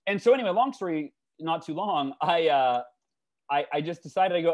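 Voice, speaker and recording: Guy in his 40s on a podcast, lively storyteller, bit high voice, lots of restarts. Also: a little fast. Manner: energetic, many restarts, acts out quotes with raised pitch. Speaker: author and life coach, guest. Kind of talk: animated storytelling in conversation.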